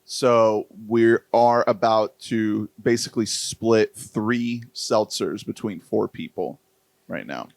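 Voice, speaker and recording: A podcast co-host chatting casually, explaining things in an unhurried, playful way. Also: mid-range voice, gravelly, darkish tone, dry recording. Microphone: studio podcast mic.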